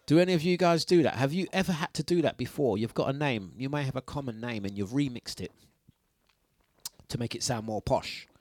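A man's voice: mid-range voice, no echo. A man hosting a radio breakfast show, chatting playfully with listeners, laughing often and sing-songing his announcements. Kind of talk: casual radio chat. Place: radio studio. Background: faint music.

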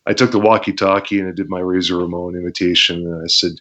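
A man's voice: sits low, moderate pace, fairly bright tone. A man from Canada, a former wrestler and guest, telling stories in a laid-back way, laughing often and acting out quotes. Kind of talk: casual storytelling interview. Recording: dull lo-fi podcast audio.

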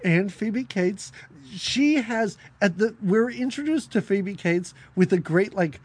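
A man's voice: high voice, expressive, takes it slowly, husky. A man co-hosting a podcast, chatting casually about a film, laughing often and jumping between topics. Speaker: podcast co-host. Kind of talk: casual film review chat.

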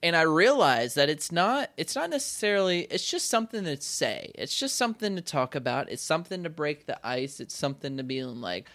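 A man's voice: fairly high pitch, sing-song, fairly quick, few pauses, fairly bright tone. A man in his twenties talking through a casual chat, rambling with many restarts and acting out quoted voices.

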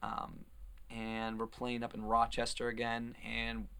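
A young man in his twenties, talking as a guest musician with a bright, crisp, clear voice. He rambles and hesitates, filling his sentences with ums and uhs in a relaxed, casual chat. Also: mid-range voice, unhurried. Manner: rambling, hesitant with many fillers.

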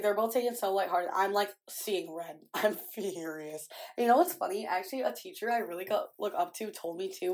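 A young adult woman hosting a podcast, chatting casually and telling stories with lots of "like". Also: medium pitch. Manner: chatty storytelling, heavy use of "like". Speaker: podcast host. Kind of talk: casual chat.

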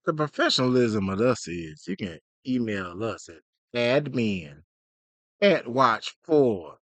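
A man's voice: medium pitch, slow, dry recording. A man co-hosting a podcast in casual, slangy chat, playing out little skits as he talks. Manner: animated, slangy, plays out skits. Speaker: podcast co-host.

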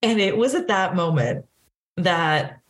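Speaking slowly in a lowish voice, a young band director from Southern California, in her twenties, recounts stories in a casual interview. Her telling is animated, full of acted quotes, and she laughs a lot.

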